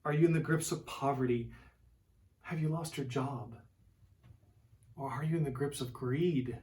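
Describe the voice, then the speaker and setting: A male preacher delivering a sermon at a slow, measured pace, his voice at an ordinary middle pitch. He stacks rhetorical questions one after another and sinks to a hushed whisper for quoted refrains. The voice sits a little way back from the microphone. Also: distant mic. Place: church.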